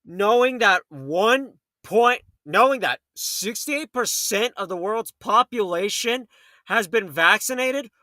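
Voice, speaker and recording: A man hosting a late-night talk radio show, telling stories in a fast, heated way and acting out the people in them. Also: high-pitched, animated, pushed and bright, no echo, clean studio sound. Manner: fast, heated storytelling with acted quotes.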